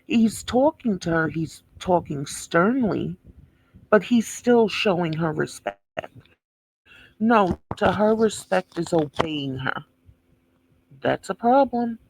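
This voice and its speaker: A woman's voice: lowish voice, lively intonation, takes it slowly, slight background noise, low-quality recording. A woman giving blunt, scornful commentary over video footage, swearing freely and sounding indignant. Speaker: reaction video host.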